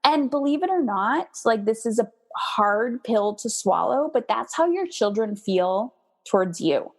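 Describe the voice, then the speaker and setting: A woman being interviewed as a parenting coach, talking candidly and in an animated way, and often acting out her own past words. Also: a little high, a little slow, slightly rough. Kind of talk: conversational interview.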